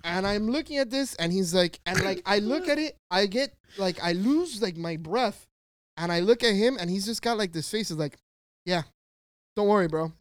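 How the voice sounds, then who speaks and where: Animated, slangy man telling a story. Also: high-pitched, normal speed, dry recording. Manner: animated, slangy, profane, acts out quoted voices. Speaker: podcast co-host. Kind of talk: casual storytelling chat.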